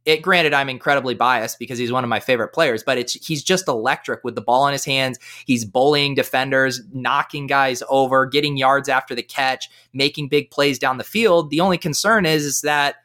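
A young man with a bright, forceful voice breaks down fantasy football picks in a casual podcast chat. He talks with high energy and quick analysis, dotted with "like" and "uh." His tone stays keen and engaged. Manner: energetic, fast analytical talk with fillers.

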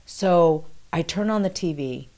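Woman telling a story, slightly low voice. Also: unhurried. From New York City. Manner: animated, acts out quoted dialogue with rising pitch. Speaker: guest recounting past experience. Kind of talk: conversational storytelling.

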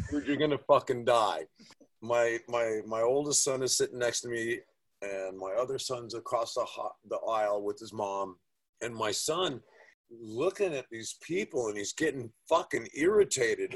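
A man in a casual podcast conversation, telling animated stories and swearing freely. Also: medium pitch, husky.

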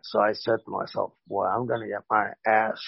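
A man, a former pro wrestler, telling animated stories in a casual interview and voicing the people in them. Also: fairly low pitch, a little fast, vocal fry, husky, no room sound, lo-fi sound. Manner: animated anecdotes with voiced quotes.

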